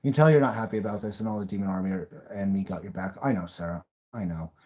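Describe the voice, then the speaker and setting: A man's voice: sits low, fast talker, a little mellow. A man hosting a live stream, talking bluntly, ranting at times and swearing freely. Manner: blunt, rants and raves, swears. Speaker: livestream host. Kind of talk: live-stream reaction chat.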